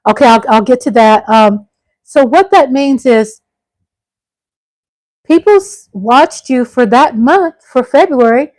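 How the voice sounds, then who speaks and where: A woman's voice: high voice, animated, slow, long pauses, a little mellow, no echo, low-quality recording. A middle-aged woman hosting a casual live stream. She reads out viewer comments and chats back to them, calling her viewers y'all and breaking into exclamations.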